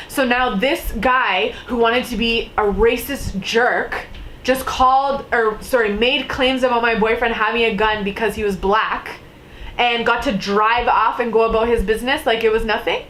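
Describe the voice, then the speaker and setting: A young woman vlogger telling a story casually, full of "like" and "you know", jumping into higher voices when she acts out what people said. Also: moderate pace, a little hiss or hum, low-quality recording. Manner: animated storytelling, acting out quotes in a higher voice; filler-heavy, lots of "like" and "you know".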